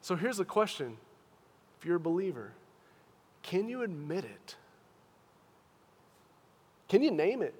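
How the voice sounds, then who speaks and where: A pastor delivers a sermon in an earnest, questioning manner, his voice high for a man, sing-song and breathy-edged, at a measured pace with long pauses. He sinks to a hush, then pushes loud again, while long reverb trails each phrase as in a big church hall.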